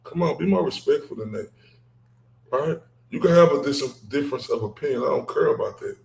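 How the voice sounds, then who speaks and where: A man from Dallas, hosting a casual livestream chat, animated and laughing, ending points with "right?". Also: medium pitch, fairly quick, creaky, echoey room. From Dallas, Texas. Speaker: livestream host.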